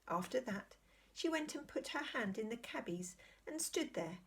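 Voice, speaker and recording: A woman reading a children's novel aloud in a gentle, measured storytelling manner. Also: fairly high pitch, expressive, a little hiss or hum. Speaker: storybook reader.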